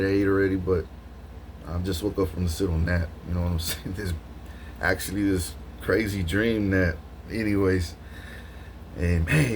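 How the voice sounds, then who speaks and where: A man talking straight to camera in a rambling, slangy, animated monologue, laughing often, just up from a nap. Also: sits low, slight background noise. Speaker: vlogger.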